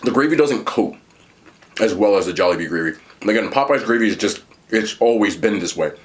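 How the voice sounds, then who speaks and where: A man talking casually while eating and reviewing fast food, chatty and animated, pausing to chew. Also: on the low side.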